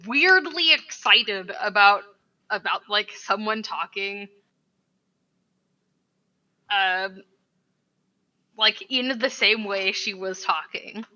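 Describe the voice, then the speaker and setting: A woman's voice: mid-range voice, takes it slowly, long pauses, bright, forceful tone. A woman playing a tabletop game, talking casually and hesitantly with lots of fillers. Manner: hesitant, lots of likes and ums. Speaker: player. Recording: dull distant mic.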